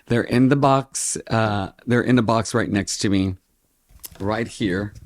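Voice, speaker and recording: A man's voice: lowish voice, takes it slowly. A middle-aged man hosting his own tarot channel, chatting casually and with self-mocking, playful melodrama. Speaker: tarot vlogger, channel host. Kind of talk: casual vlog chat.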